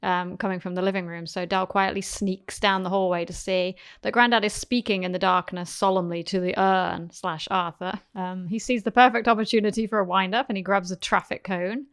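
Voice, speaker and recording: A woman's voice: mid-range voice, fairly even intonation, fairly quick, few pauses, clear, resonant tone. A British woman co-hosting a podcast, leading the scene recap in easygoing chat. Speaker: podcast co-host. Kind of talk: casual chat.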